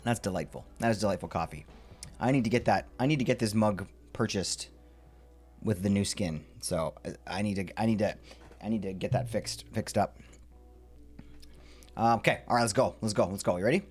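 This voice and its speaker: A man chatting playfully with his viewers while streaming a building game, often jumping into sudden high squeals. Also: moderate pace, a little mellow, breathy edge, soft background music. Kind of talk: live game stream chat.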